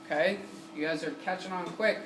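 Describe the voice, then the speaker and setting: A brisk, high-pitched man teaches a class music, demonstrating with short sung syllables and energetically peppering students with questions. The setting is a community center room, heard through a distant mic with roomy room noise.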